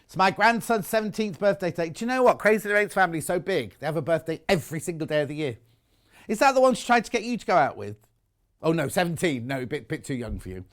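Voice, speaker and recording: A man's voice: a little high, expressive, quick pace. A man with a British accent presenting on a live craft shopping show, chatting and teasing as he reads out viewer messages. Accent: British English. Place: TV studio.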